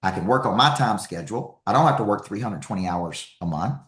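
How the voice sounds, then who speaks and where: A man giving an energetic, emphatic live motivational talk as a speaker and coach, repeating key lines for effect. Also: fairly low pitch, a little fast, echoey room.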